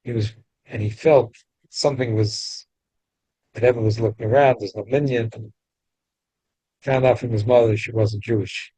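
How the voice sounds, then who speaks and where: A man teaching a weekly Torah class, mixing casual English explanation with rapid readings of Hebrew text. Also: mid-range voice, steady tone, mellow, husky, dry recording, low-quality recording.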